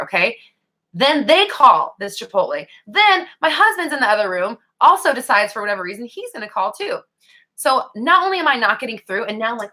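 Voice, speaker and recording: A young woman hosting a casual live question-and-answer chat, animated and blunt, swearing freely as she answers viewers. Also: mid-range voice, a little fast.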